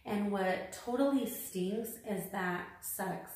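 A woman's voice: mid-range voice, slow, a little mellow. A woman vlogger unboxing a purchase, upset and exasperated, repeating herself with many fillers. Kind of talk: unboxing vlog complaint. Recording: echoey room.

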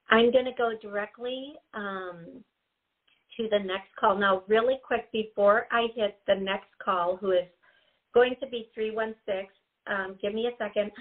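A woman hosting a call-in radio show as a psychic, chatty and given to giggling, repeating her warnings to the caller. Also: mid-range voice. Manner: chatty, giggly, gives advice in repetitive warnings. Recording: tinny phone-like audio.

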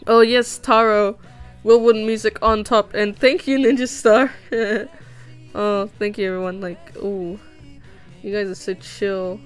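A young animator livestreams while drawing, reading her stream chat and chatting with viewers in a bubbly, rambling way full of giggles and fillers. Her medium-pitched voice is smooth and unhurried with fairly even intonation, and soft music plays in the background.

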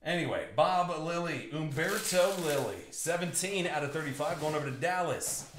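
A man's voice: fairly high pitch, moderate pace, fairly bright tone. A man hosting a live trading card break, bantering and joking with chat viewers as he reads out the hits. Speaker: box break host. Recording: echoey room with faint noise.

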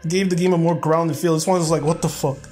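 A young man giving loud, profane, rowdy commentary while playing a game. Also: fairly high pitch, little pitch movement, fast talker, soft background music. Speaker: gameplay commentator. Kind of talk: crude gameplay commentary.

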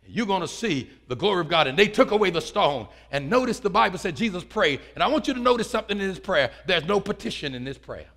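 A man preaching a sermon in a folksy manner, swinging from quiet asides to shouts. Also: high voice, vocal fry, in a large hall. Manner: folksy, uses "ain't". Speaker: pastor. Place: church sanctuary.

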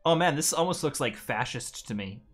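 A man's voice: medium pitch, expressive, moderate pace, breathy edge, soft background music. Laid-back man streaming a strategy game. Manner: swearing, laid-back, stumbling over names. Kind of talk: casual chat, reading game text aloud.

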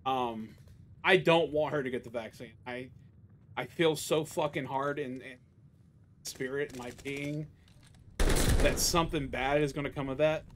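A man's voice: mid-range voice, fairly even intonation, a little slow, pauses often, slight background noise. A young man live-streaming a game, chatting casually, ranting and swearing constantly, often restarting his sentences. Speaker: gaming streamer.

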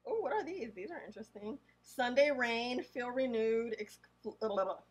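A woman vlogger with a slightly high voice chats her way through a haul. She reads each product name slowly and carefully, then drops into quick, offhand remarks. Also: expressive, poor audio. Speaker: beauty vlogger. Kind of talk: casual haul unboxing.

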